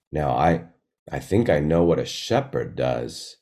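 A man with a very low, dark, mellow voice leads a sermon. He talks slowly and meditatively, pausing over each line. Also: very animated. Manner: slow and meditative. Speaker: pastor.

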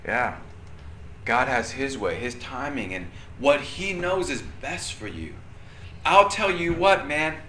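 A young adult man leading a church group discussion, conversational and animated, often asking questions. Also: medium pitch, takes it slowly, a little hiss or hum. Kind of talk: interactive church teaching.

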